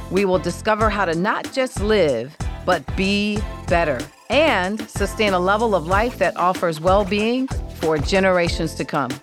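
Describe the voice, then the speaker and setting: A woman hosting an inspirational podcast, speaking slowly and repeating words for emphasis. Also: mid-range voice. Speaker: podcast host.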